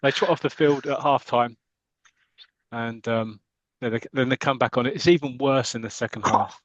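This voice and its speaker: A man co-hosting a podcast, casually retelling a football comic story and breaking into excited commentary. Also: mid-range voice, normal speed, no echo, muffled recording. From United Kingdom. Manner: animated, jumps into excited commentary voice. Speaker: podcast co-host.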